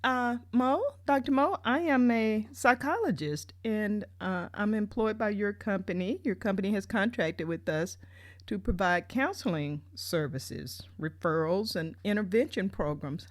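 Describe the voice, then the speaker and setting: A woman voicing a kind, soft-spoken female counselor with a smooth, gentle voice. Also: mid-range voice, a little slow, no room sound, studio quality, natural voice. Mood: explaining. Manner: gentle, soothing.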